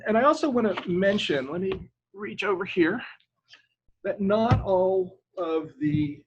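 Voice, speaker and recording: The audio is dull and lo-fi, much like an ordinary video call. On it, an older man from Ireland, a retired government lawyer, is interviewed, and his answers wander and hesitate, with occasional pauses to spell a name. His voice has a husky edge and sits slightly high for a man.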